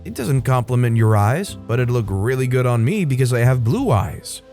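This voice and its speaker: A man's voice: medium pitch, very animated, normal speed, darkish tone, soft background music. A man voicing a selfish, bratty teenage stepsister who whines and wheedles. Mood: whiny. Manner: whiny, wheedling, dismissive.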